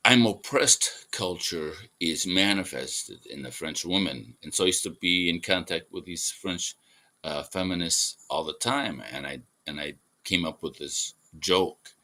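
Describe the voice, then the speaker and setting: Male artist-host, casual rambling monologue, lowish pitch, bright tone. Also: animated, unhurried. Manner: rambling, with fillers and chuckles. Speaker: artist hosting a livestream.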